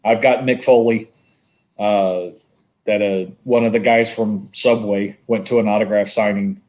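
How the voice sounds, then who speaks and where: A man co-hosting a podcast, telling a long story in casual, animated chat and swearing freely. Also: lowish voice, measured pace. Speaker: podcast co-host.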